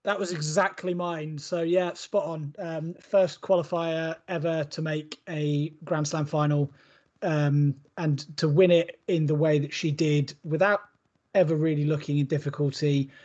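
A man's voice: fairly high pitch, steady tone, measured pace, darkish tone. A man, a podcast co-host chatting in casual, jokey banter and laughing often. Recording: dull lo-fi audio.

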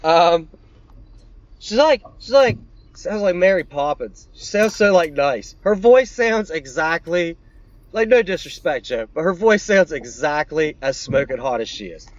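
A man's voice: a little high, lively intonation, normal speed, no echo, dull audio. A man co-hosting a podcast, talking bluntly and swearing freely in casual chat. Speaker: podcast co-host.

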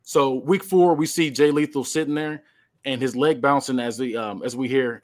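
A man's voice: medium pitch, fairly even intonation, moderate pace. A male podcast host casually narrating a made-up wrestling storyline, with fillers.

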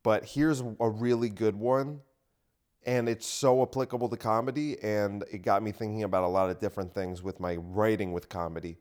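Low-ish voiced guy ranting solo on his podcast, blunt and sweary, recorded in his home gym room. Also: steady tone, normal speed, a little mellow. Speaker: comedian podcast host. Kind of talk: casual solo podcast monologue.

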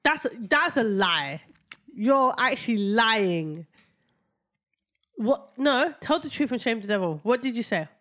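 A woman's voice: a little high, sing-song, takes it slowly, a bit bright. A young woman co-hosting a podcast in casual chat, often laughing and playfully contradicting her co-host.

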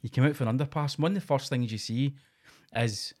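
A man's voice: medium pitch, quick pace, a little mellow. A middle-aged man, co-hosting a casual podcast with sweary, laughing banter. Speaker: podcast co-host.

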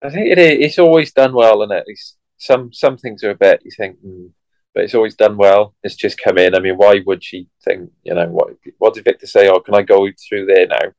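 A man's voice: on the low side, a little fast, a little mellow, no echo, low-quality recording. A man in his thirties co-hosting a podcast, easygoing and chatty, often acting out lines from the show he is discussing. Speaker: podcast co-host. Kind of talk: casual chat.

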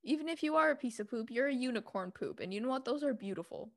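A woman's voice: a little high, animated, fast talker, no room sound, clean studio sound. A young woman hosting a casual podcast, chatty and giggly with informal slang. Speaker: podcast host.

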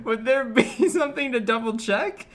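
A woman's voice: a little high, animated, normal speed. A woman co-hosting a comedy podcast, laughing often as she acts out silly scenarios in casual chat. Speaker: podcast co-host.

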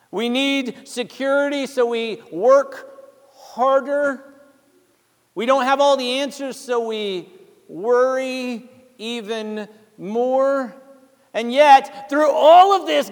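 A man's voice: very high-pitched, long reverb tail. A male pastor preaching a sermon in a church, speaking conversationally and calling out to the congregation for responses. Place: church sanctuary.

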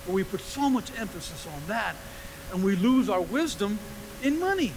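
A man preaching a sermon in a church, his voice sitting high for a man and carrying a gravelly edge. He talks in an animated way, acting out the voices he quotes and throwing questions back at the congregation. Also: moderate pace, background noise. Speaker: pastor.

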